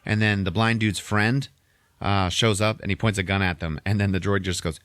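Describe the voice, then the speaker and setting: A man hosting a podcast, recapping a film in a profane, animated storytelling manner, a bit tipsy. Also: on the low side, moderate pace, dry recording, studio quality. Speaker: podcast host. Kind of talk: casual movie recap chat.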